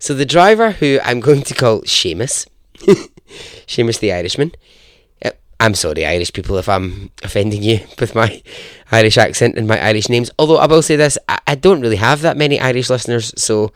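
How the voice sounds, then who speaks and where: A man's voice: medium pitch, animated, fairly quick, no echo, clean studio sound. A man hosting a podcast, telling a true story in a chatty, self-deprecating way and chuckling at his own jokes. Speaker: podcast host. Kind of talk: casual storytelling narration.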